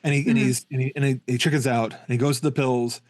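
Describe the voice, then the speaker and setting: A man co-hosting a horror podcast, talking casually in a halting way that stumbles and repeats words. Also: medium pitch, steady tone, darkish tone, no room sound. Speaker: podcast co-host. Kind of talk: casual film discussion.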